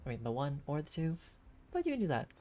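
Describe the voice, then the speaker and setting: A woman's voice: deep voice, wildly swooping pitch, quick pace, mellow. A woman streamer making chatty, self-correcting asides during a casual live game playthrough.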